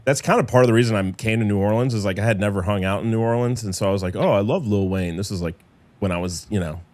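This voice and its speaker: A man's voice: lowish voice, rapid-fire, no room sound. A man hosting a podcast, joking loosely and provocatively in casual chat. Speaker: podcast host.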